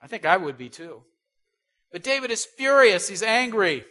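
Male preacher, bright voice, fairly high pitch, rhetorical questions, loud then soft. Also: very animated, moderate pace. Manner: asks the listeners rhetorical questions; stresses key words, swings between loud and soft. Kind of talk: sermon.

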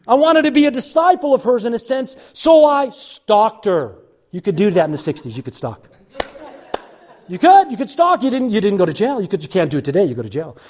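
Older preacher man, lively high voice. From Chicago, USA. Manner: animated, dramatic, jokey and self-mocking. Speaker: pastor. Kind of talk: storytelling sermon.

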